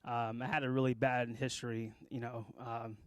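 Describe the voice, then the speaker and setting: A young man speaks to his church group in a halting, heartfelt way, full of ums and pauses as he steadies himself. His voice sits at an ordinary middle pitch and the recording is dry and close, with no room echo. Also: little pitch movement. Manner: halting, many fillers, choked up, apologetic. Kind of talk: emotional personal testimony and sermon.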